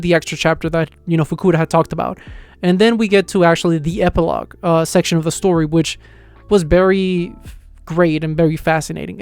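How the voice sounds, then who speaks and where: Excitable man recapping with a smooth voice. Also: a little high, dry recording. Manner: rambling, filler-heavy, excited storytelling. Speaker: manga reviewer. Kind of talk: casual reaction review.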